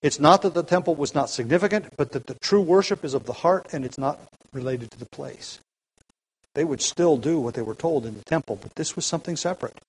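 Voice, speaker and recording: A man preaching a sermon at an evening church gathering, earnest and deliberate, slowing down and rising in force on key points. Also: on the high side, slightly rough, rough recording. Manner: earnest, builds emphasis by slowing down and getting louder.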